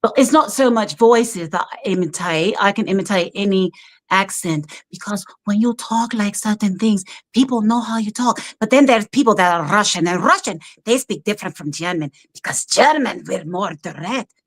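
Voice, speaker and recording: A woman guest on a live-streamed video call, telling stories animatedly with frequent laughs and fillers. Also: medium pitch. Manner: animated storyteller, quick to laugh, many fillers. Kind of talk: casual interview over a live stream.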